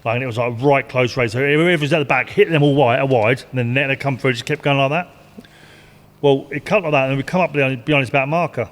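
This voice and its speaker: A man's voice: medium pitch, fast. Older man, roomy echo. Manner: rambling anecdotes, laughs often, swears. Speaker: retired stock car driver. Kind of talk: casual storytelling interview. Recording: long hall reverb.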